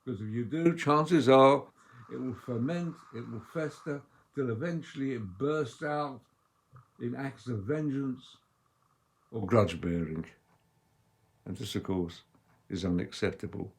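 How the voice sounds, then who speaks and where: A man delivering a sermon as a rabbi, measured and emphatic, with loudness that swells and drops. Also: mid-range voice. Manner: measured, emphatic delivery with strong dynamic swings.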